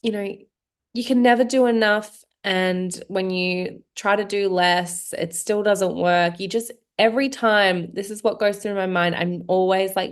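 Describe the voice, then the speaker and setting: Young woman host, solo podcast chat; animated, self-questioning storyteller, medium pitch. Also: moderate pace. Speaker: podcast host, nutrition coach.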